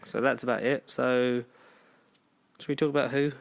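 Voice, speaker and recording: A man's voice: medium pitch, flat delivery, normal speed, vocal fry. A man co-hosting a casual podcast, rambling through fan details with many restarts. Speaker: podcast co-host. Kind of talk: casual chat.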